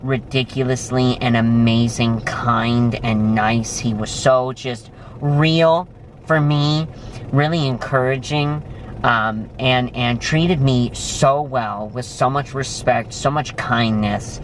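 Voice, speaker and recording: A young man in a restaurant, chatting casually and telling stories with lively excitement. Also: slow, slight background noise. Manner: animated storytelling, jumps high when excited. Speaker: vlogger. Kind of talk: casual chat. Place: restaurant, indoors.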